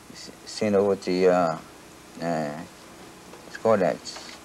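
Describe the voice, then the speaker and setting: An older Navajo man, a traditional singer whose first language is Navajo, answers interview questions in halting, restarting English. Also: sits low, a little mellow, a little hiss or hum. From Navajo Nation. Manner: halting, searching for words, many restarts. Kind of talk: archival interview.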